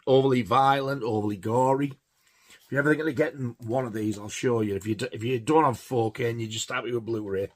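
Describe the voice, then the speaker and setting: A man's voice: fairly low pitch, breathy edge. A man giving a casual, rambling film review, hesitant with many fillers. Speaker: film collector reviewing horror films.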